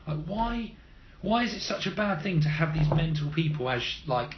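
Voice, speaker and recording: Excitable sweary man, lively high voice. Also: moderate pace, roomy sound. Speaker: podcast co-host. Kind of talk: casual podcast chat. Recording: muffled low-fi sound with clear hiss.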